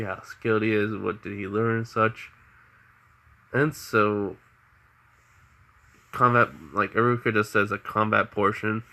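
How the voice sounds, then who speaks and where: A man narrating a made-up story casually, rambling and packing his sentences with fillers. His voice sits a bit low but has a bright, sharp tone.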